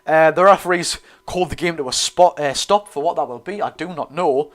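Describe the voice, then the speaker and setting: Chatty Geordie lad, slightly high voice. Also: male voice, fairly quick. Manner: chatty, self-correcting, addresses viewers as lads. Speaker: football watchalong host. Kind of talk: live match commentary and chat.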